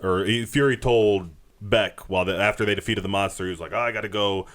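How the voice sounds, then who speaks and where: A man with a low voice takes part in a casual podcast chat. He fills in and corrects plot details, and he often drops short agreeing remarks. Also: fairly even intonation, fast, a bit bright. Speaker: podcast co-host. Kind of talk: casual movie review chat.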